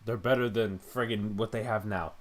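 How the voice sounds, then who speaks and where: A man's voice: on the low side, fairly even intonation, moderate pace. A young man co-hosting a podcast, reacting live to a ballgame, cheering and swearing casually. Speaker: podcast co-host. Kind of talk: live game-watching reaction chat.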